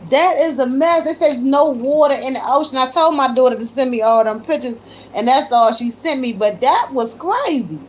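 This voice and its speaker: Woman, livestream host, casual chat, says y'all, exclaims in disbelief, phone mic, raised pitch. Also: expressive, normal speed, slight background noise. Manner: chatty, addresses viewers as y'all, exclaims in disbelief. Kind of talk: casual live chat with viewers.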